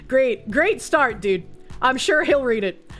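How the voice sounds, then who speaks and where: High-voiced woman streamer telling stories. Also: drawn-out words, soft background music. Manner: animated storytelling, acts out both sides with laughter. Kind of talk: casual livestream chat, reading posts aloud.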